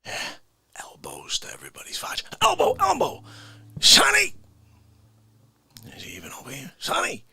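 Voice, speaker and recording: A man voicing a loud, judgmental gatekeeper character in a comedy sketch, swinging between hissed whispers and shouts. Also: very high-pitched, huge pitch swings, moderate pace, gravelly, pauses often, dry recording, pitched above the performer's own voice, exaggerated voice. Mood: indignant.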